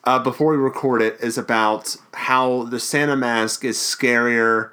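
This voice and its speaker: A man from the Baltimore area co-hosting a podcast in casual, jokey, excitable chat. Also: mid-range voice, measured pace. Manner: jokey, excitable, self-mocking. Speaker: podcast co-host.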